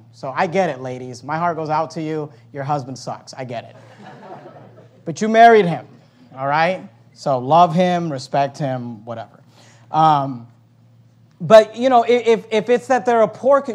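A man preaching a sermon in an animated, joking way, reading scripture aloud between his points. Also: on the high side, measured pace. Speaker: pastor.

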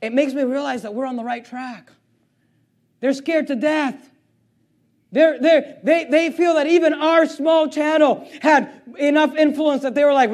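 A man, a pastor, preaching an impassioned and indignant sermon in a church, reading scripture and swinging between loud outbursts and low intensity. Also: fairly even intonation, measured pace. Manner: reads scripture aloud and answers imagined questions. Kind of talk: fiery sermon. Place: church sanctuary.

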